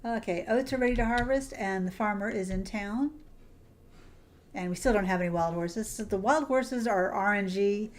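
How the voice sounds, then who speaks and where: A woman's voice: mid-range voice, normal speed. A woman streaming a game, chatting casually and affectionately with her viewers, calling them sweetie and hon. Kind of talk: casual livestream chat while playing.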